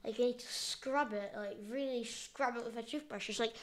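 A woman's voice: fairly high pitch, normal speed. A woman hosting a gameplay video, giving goofy, jokey commentary as she plays and calling out to her viewers. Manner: goofy, jokey, playfully excitable.

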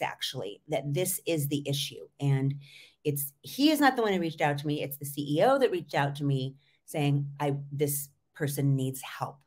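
A middle-aged woman hosting a solo podcast as a voice coach, talking in an animated, emphatic way with frequent asides. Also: low voice.

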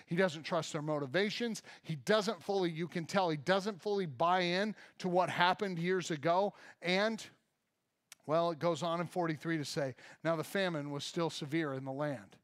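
A man's voice: fairly high pitch, unhurried, fairly bright tone. A man with an American accent preaching a sermon to a church congregation, reading scripture and adding humorous asides for his listeners. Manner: reads scripture aloud and acts out reactions with humor; addresses the congregation directly. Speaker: pastor.

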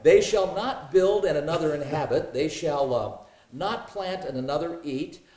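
A man's voice: a little high, moderate pace, a little mellow. Guy at a bible study, reads verses then muses, lots of uhs, echoey room. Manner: reads scripture aloud, hesitant with fillers, jokes and laughs. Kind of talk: casual Bible study discussion.

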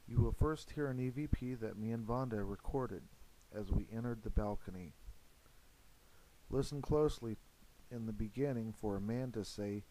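A man narrating a paranormal investigation in an earnest, steady voice-over, with frequent fillers. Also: medium pitch, moderate pace, a little hiss or hum, poor audio.

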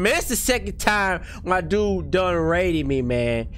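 High, jumpy young male game streamer. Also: a little slow, hardly any pauses, slight background noise. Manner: jumpy, excitable, slangy, talks to chat. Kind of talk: live horror gameplay commentary.

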